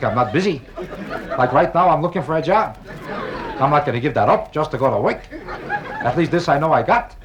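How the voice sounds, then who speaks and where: A man doing stand-up comedy on a nightclub stage, with a deadpan, kvetching, sing-song delivery. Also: on the high side. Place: nightclub stage before a live audience. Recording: 1962 live album with audience noise.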